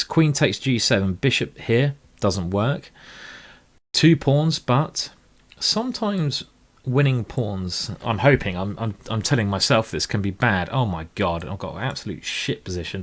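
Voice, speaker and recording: A man commentating live blitz chess games, rambling and emotional with tipsy asides. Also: medium pitch. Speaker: chess streamer.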